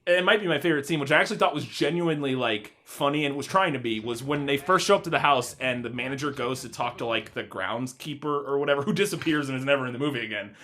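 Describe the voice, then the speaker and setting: A man's voice: medium pitch, fast talker, hardly any pauses, bright, forceful tone. A man hosting a casual film podcast, rambling, laughing often and swearing freely. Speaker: podcast host. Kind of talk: casual chat.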